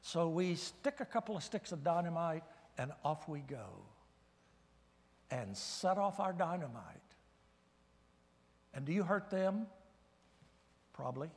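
A man preaching a guest sermon in a church, animated and swinging from loud bursts to hushed asides. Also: a little high. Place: church sanctuary. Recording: reverberant church hall.

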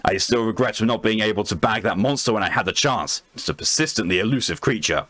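A man voicing a pompous elderly gentleman explorer who blusters and takes offense easily. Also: lowish voice, quick pace, no room sound. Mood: indignant.

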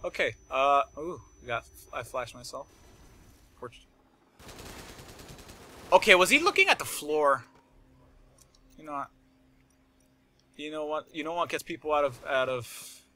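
Man, live game commentary, chatty and rambling, bursts of shouts, sharp forceful voice, gunfire behind. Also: medium pitch, a little hiss or hum. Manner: excitable, shouts and laughs at in-game moments; rambling and chatty with frequent swearing. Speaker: gameplay commentator. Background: game gunfire and explosions.

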